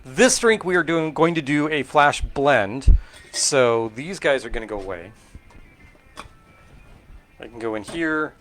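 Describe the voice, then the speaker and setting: A middle-aged man from California's Central Valley hosts a relaxed cocktail-making stream. He talks at an ordinary pitch for a man, musing out loud with many fillers and restarts. His delivery is loose and conversational rather than scripted. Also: measured pace, long pauses, soft background music. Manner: rambling, thinking aloud with fillers and self-corrections. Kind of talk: casual live-stream chat while mixing drinks.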